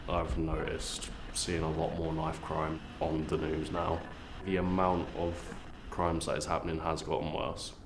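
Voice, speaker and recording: A man's voice: extremely low pitch, completely flat delivery, measured pace, noisy background. A man reflecting plainly on crime in his town in a documentary interview.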